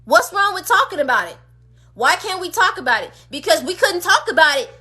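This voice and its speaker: A woman's voice: very high-pitched, sing-song, fairly quick, sharp tone. A woman on a phone livestream, delivering an impassioned rant full of emphatic, repeated rhetorical questions. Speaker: streamer.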